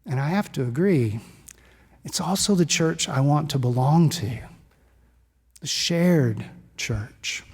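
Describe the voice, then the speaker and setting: Storytelling pastor in a reverberant church. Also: male voice, fairly high pitch, moderate pace, breathy edge. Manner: storytelling, conversational and animated. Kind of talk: sermon. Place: church sanctuary.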